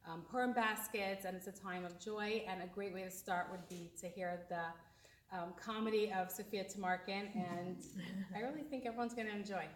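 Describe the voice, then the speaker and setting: A woman's voice: mid-range voice, moderate pace, slight background noise. A woman introducing a comedian at an event, praising her with loose, chatty phrasing and fillers. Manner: warm praise with fillers and restarts. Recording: echoey room from far off.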